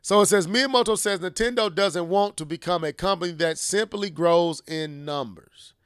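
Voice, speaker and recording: A man co-hosting a gaming podcast, talking in an excitable, playful and slangy way. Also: sits high, moderate pace, clear, resonant tone, dry recording, studio quality. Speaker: podcast co-host. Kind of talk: casual gaming chat.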